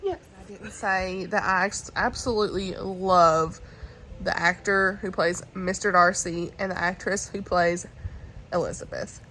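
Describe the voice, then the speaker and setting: A woman's voice: lowish voice, fairly even intonation, unhurried, pushed and bright, slight background noise, rough recording. A woman chatting casually as a book vlogger, giggly and talkative. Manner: chatty, giggly, often says y'all. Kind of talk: casual chat.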